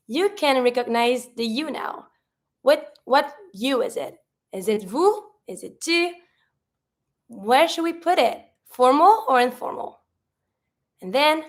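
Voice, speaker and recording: A woman teaching a French lesson in English, patiently asking the learner questions and saying French phrases as examples. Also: high-pitched. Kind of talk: online language lesson.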